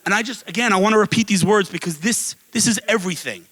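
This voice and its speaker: A man giving an impassioned speech to a live audience at an event, telling stories and asking rhetorical questions in a casual, animated way. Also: high voice, fast talker, poor audio. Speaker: guest speaker at an advocacy event. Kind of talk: impassioned public speech with storytelling.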